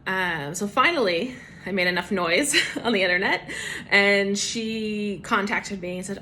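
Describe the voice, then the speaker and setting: A woman's voice: medium pitch, a little slow, sharp tone, a little hiss or hum. A woman giving a casual personal testimony devotional for her church, chatty, with many fillers.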